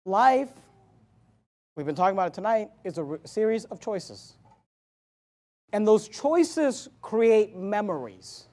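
A man's voice: high voice, animated, measured pace, pauses often, darkish tone. A man, a pastor, preaching a sermon with emphatic repetitions and joking asides.

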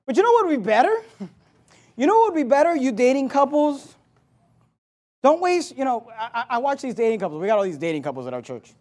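Male pastor, very high voice, emphatic sermon delivery with stammered restarts. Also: animated, a little fast, pauses often, darkish tone. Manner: emphatic preaching with repetitions and asides.

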